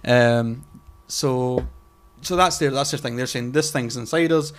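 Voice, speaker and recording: A man co-hosting a casual podcast chat, rambling, swearing and groping for words, often trailing off quietly. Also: mid-range voice, measured pace, a little hiss or hum. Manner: trails off quietly mid-sentence. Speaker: podcast co-host.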